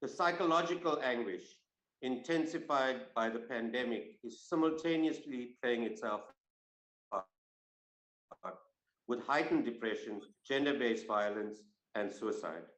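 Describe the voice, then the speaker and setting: A man opens and hosts a panel discussion, speaking in a measured, formal way with plenty of "uh"s once he leaves his script. His voice sits at an ordinary pitch. The sound echoes around the room on the video call. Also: a bit bright. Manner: measured, with frequent fillers when speaking off-script. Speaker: host. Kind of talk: formal opening remarks and panel introductions.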